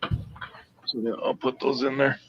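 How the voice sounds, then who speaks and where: A man's voice: medium pitch, level tone, slow pace. A man in casual chat with friends on a stream, laid-back and amused. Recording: dull lo-fi line with faint noise.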